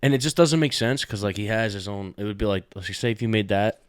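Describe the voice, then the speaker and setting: A man's voice: fairly low pitch, fast talker, smooth, no room sound. Young man rambling in a dry room. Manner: rambling, heavy on filler words and swearing. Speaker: podcast co-host. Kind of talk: casual chat.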